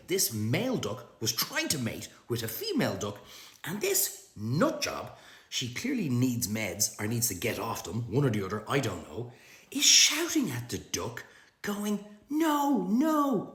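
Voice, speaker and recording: A middle-aged Irish man delivering a profane comic rant to camera, ranting in an animated, swearing way. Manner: profane, animated ranting with big pitch swings. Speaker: social media comedian. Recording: roomy echo.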